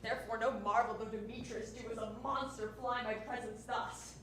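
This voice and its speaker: A woman's voice: on the high side, fairly even intonation, normal speed, a bit bright, a little hiss or hum, natural voice. A teenage girl playing a spurned young noblewoman on stage, pleading and plaintive. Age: teens. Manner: plaintive, pleading verse delivery. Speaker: stage actor. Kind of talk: stage Shakespeare acting. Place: school theater stage. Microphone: distant room mic. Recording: echoey stage from far off.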